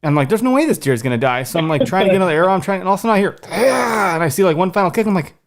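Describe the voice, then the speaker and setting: A young man on a live podcast telling his hunting story with excitement, swearing freely and acting out the voices. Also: high-pitched, racing.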